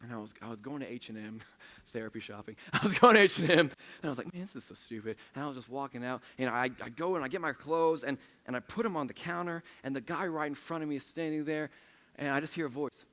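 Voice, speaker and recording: The young man's mid-range voice comes out fast, pushed and bright as he preaches to a church room of listeners. His sermon is conversational and casual, full of stories and self-mockery, with sentences often restarted.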